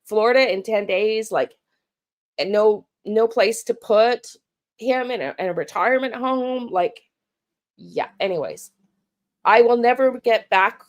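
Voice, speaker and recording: A middle-aged woman from Canada speaks in a personal vlog monologue. She restarts often and repeats words as she goes. Her tone is frustrated and blunt, with casual swearing. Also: mid-range voice. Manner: halting and emotional, frequent restarts and repeated words. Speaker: true crime channel host.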